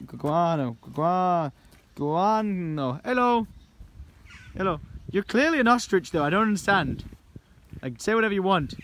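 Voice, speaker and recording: A young man vlogging at a zoo park outdoors, talking excitedly to the animals into a handheld camera. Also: mid-range voice. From England. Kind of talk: casual vlog commentary. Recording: noisy outdoor camera audio.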